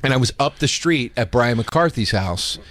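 A man chatting casually as a podcast host, spinning loose stories full of swearing. He jumps into other people's voices when he quotes them. His voice sits at an ordinary pitch, recorded close and dry. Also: moderate pace, no room sound. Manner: swearing, storytelling, animated quoting. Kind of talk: casual chat.

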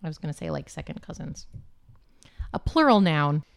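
A woman's voice: low voice, expressive, moderate pace, vocal fry. A woman co-hosting a casual group chat, leading a word game with short prompts and frequent laughter.

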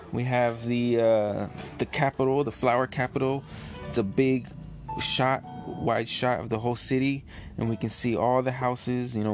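Laid-back man with a low voice. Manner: relaxed, rambling, many fillers. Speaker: comic reviewer. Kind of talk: casual chapter review.

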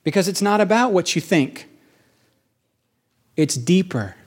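A middle-aged man preaching a sermon as pastor, animated, slowing down to stress key phrases and rising into rapid questioning bursts. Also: high-pitched. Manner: slows for emphasis on key phrases.

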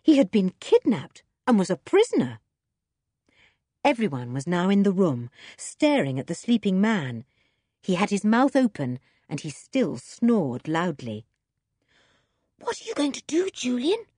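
A woman narrating a children's adventure story in a lively, expressive reading. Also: fairly low pitch, a little slow, husky, no room sound, clean studio sound. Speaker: audiobook narrator.

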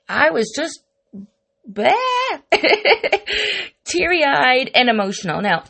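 A woman's voice: medium pitch, creaky. A middle-aged woman hosting a wellness podcast, talking candidly and reflectively to her listeners. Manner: warm, candid, confiding, with repetitions. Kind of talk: casual reflective podcast monologue.

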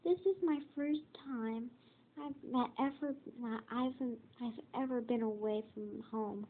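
A woman plays a gentle, weary young dragon from a storybook. The voice sits high and moves slowly, with halting restarts. It sounds tinny, like a phone line. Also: slight background noise, close to an everyday voice. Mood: sad.

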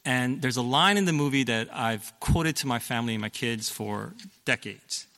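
A man's voice: medium pitch, moderate pace, creaky, pushed and bright. A middle-aged man preaching a sermon as a pastor, explaining things in a conversational way with fillers and self-corrections. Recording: long reverb of a hall.

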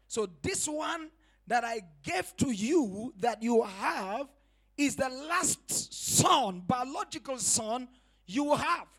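A man preaches with a high, bright, forceful voice, his words rising into shouts at the peaks of each point. He hammers ideas home through repetition and rhetorical questions. The delivery is that of a pastor in full sermon. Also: expressive, takes it slowly, husky. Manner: emphatic preaching, rising to shouts on key phrases.

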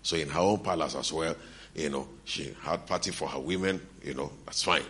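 A man's voice: very deep voice, moderate pace, fairly bright tone, slight background noise. A middle-aged man preaching a sermon as a pastor, telling stories and acting out the dialogue of the people in them. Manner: storytelling preacher, acting out dialogue, laughing between lines.

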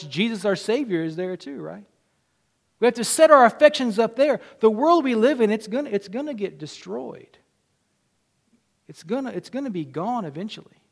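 A man with a Southern US accent preaching a sermon as pastor, swinging from loud declarations to hushed asides. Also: high-pitched.

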